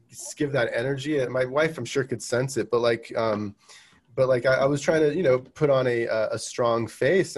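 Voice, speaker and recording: Man, thirties, podcast guest, halting, restarts a lot, ordinary pitch. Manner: halting, many restarts and fillers. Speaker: guest, roofing business owner. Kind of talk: casual podcast interview.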